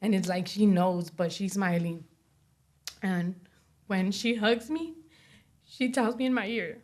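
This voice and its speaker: Halting woman recounting her story. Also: medium pitch, a little mellow. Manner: halting, heavy with fillers like "you know" and "like"; acts out other people's words while telling her story. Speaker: interview guest. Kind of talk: recounting a personal story in an interview.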